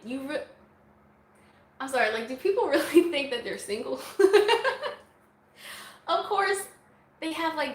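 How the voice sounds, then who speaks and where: A woman's voice: a little high, fairly bright tone, roomy sound, low-quality recording. A woman vlogger answering viewer questions in a casual, chatty way, laughing often. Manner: chatty, laughs often, breaks into song snippets. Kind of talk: casual Q&A chat.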